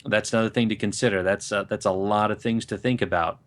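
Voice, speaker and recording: This man talks fast in a low voice with fairly even intonation. Co-hosting a podcast, he gives thoughtful but meandering advice in relaxed chat, often using fillers and starting over.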